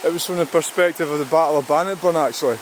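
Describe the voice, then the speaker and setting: Scottish man, casual rambling walk-and-talk, slightly high voice, loud rushing stream behind him. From Scotland. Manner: chatty, rambling, swears casually, talks to the camera and to birds. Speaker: vlogger. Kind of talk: casual walking vlog talk. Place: outdoors by a river and waterfall. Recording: rushing stream noise outdoors.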